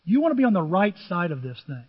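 An older male pastor preaches in a husky, high-pitched voice, telling stories with acted-out dialogue. The audio is dull and muffled, and a long reverb hangs on every word as if he were in a large church hall. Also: big pitch swings, quick pace. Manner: conversational storytelling, acts out biblical dialogue. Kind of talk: sermon.

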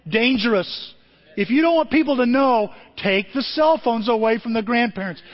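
A man's voice: very high voice, moderate pace. An older man preaching a sermon as the pastor, telling stories and acting out what people said. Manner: animated storytelling with acted-out quotes. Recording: dull audio in a long-reverb hall.

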